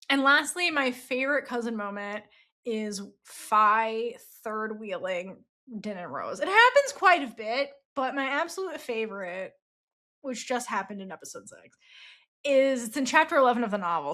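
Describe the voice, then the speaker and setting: A woman's voice: fairly high pitch, a bit bright. A woman hosting a book podcast, chatting casually, laughing often and acting out quotes from the story. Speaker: podcast host reviewing a novel. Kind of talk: casual chat.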